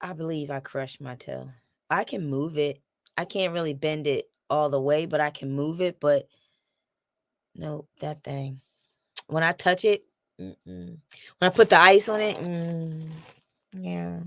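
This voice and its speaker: A woman chats casually to camera. She tells her story with lively repetition and acts out what people said. The sound is dry and close, with no room echo. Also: deep voice, unhurried, creaky, long pauses. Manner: animated storytelling, acts out quotes and repeats phrases. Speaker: vlogger.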